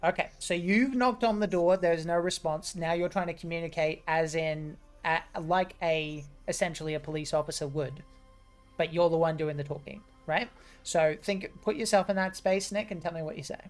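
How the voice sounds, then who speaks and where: A woman running a tabletop game as game master, chatty and quick with asides. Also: on the low side, faint music behind.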